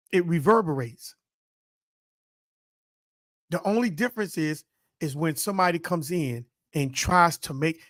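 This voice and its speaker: A man's voice: sits high, a bit bright, no echo, studio quality. A man co-hosting a discussion, emphatic and teacherly, pressing his points and urging the listeners on. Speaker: co-host. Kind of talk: preaching-style discussion.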